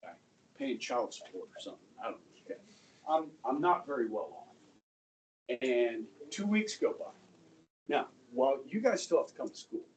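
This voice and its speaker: A middle-aged male high school history teacher telling a story to his class, checking in with "okay?" and acting out the people in it. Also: very animated, normal speed. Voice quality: conversational, acts out quoted voices, asks "okay?" often. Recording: distant mic in a classroom, faint room noise.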